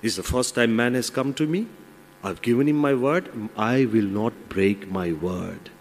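A man's voice: mid-range voice, animated, measured pace, a little hiss or hum. A man voicing a loyal monkey in a fable, firm and indignant about keeping his word. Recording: long hall reverb.

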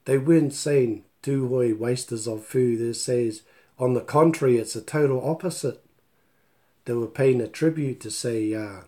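A man's voice: medium pitch, warm tone. A man with a New Zealand accent giving a casual live online language lesson through a laptop mic, chatty and storytelling, mixing in Māori words. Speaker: te reo Māori tutor. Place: at home on a live video stream. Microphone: laptop microphone.

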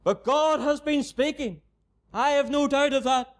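A man's voice: extremely high pitch, measured pace. A man with a Northern Irish accent preaching a gospel sermon in a mission tent, earnestly repeating his appeals to the unbeliever.

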